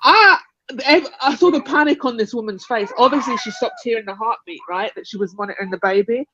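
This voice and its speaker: A woman's voice: a little high, brisk, background noise. A young woman on a live panel, casually telling a long personal story, rambling and laughing often as she acts out other people's lines. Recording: dull, lo-fi call audio.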